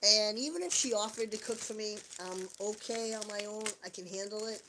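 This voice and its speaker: A woman's voice: mid-range voice, brisk, noisy background. A woman chatting casually on a livestream, rambling, joking and swearing a lot. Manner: profane, rambling, jokey. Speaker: live streamer.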